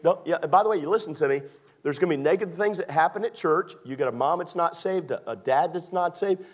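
A man from Maryland preaching from the pulpit. His fairly high voice stays loose and conversational, full of jokes, then swells with emphasis when he presses a point. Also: quick pace. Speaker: pastor. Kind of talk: sermon.

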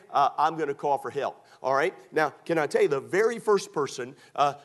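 Preacher, man, folksy and funny, slightly high voice, acts out both sides of a conversation. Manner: folksy, humorous, acts out dialogue. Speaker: pastor. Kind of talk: storytelling sermon.

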